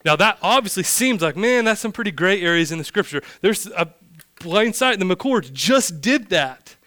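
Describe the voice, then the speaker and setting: A man's voice: high-pitched, lively intonation, moderate pace, sharp tone, dry recording, clean studio sound. A male pastor giving a sermon in a casual style with joking asides.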